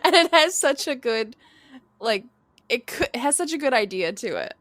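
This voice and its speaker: A woman's voice: a little high, animated, normal speed, a bit bright, dry recording. A woman co-hosting a casual podcast chat, laughing easily as she reads out short spooky stories. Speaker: podcast co-host.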